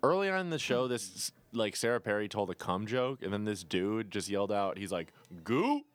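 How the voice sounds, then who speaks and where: Low-voiced blunt, crude male comedian. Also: expressive, brisk, no echo. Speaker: comedian, podcast co-host. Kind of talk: casual chat.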